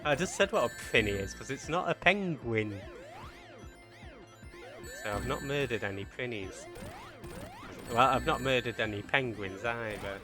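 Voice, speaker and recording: A man's voice: mid-range voice, expressive, unhurried, pauses often. A man with a Mancunian accent streaming a game live, rambling and joking with his chat in a self-mocking way. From Manchester, England. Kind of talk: casual live-stream chat while playing. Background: game music.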